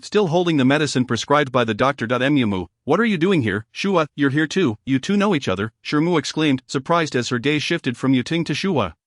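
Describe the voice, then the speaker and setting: A man narrating a romance novel in a steady, even reading voice, voicing all the characters himself. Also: a little high, no echo, clean studio sound. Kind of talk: scripted audiobook narration.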